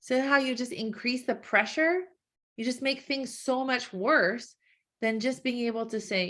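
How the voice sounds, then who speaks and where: Woman coaching in a webinar, kinda high voice, chatty, lots of "right?" and little gasps. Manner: animated, acts out quick quoted thoughts with gasps; conversational, frequent "like" and "right?". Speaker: weight-loss coach. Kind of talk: webinar teaching.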